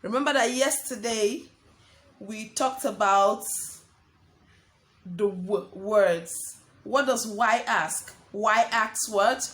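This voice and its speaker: A young woman teaching a lesson to small children, speaking slowly and repeating words while she writes on a board. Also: mid-range voice, a bit bright. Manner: slow, sing-song teacher talk addressing children as friends; talks while writing on a board. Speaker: primary school teacher.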